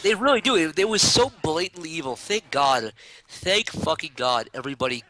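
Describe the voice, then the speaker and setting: Young dude co-hosting a stream, talks super fast, sharp bright voice, crude jokes. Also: male voice, a little high, animated, a little hiss or hum, low-quality recording. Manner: rapid, crude joking. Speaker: co-host. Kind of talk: casual chat while gaming.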